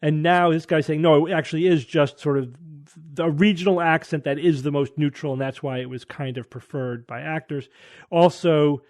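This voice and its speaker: A man leads a casual podcast panel, working through an idea out loud. His voice sits slightly high for a man, and he hedges and restarts often as he reasons. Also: fairly even intonation, normal speed. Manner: thinking aloud, hedging, frequent restarts. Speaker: podcast host.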